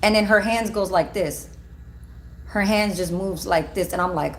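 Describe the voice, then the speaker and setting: A woman who works at a care home, telling a casual, animated story. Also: medium pitch, normal speed, slight background noise. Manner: gossipy, animated, swears and laughs while telling.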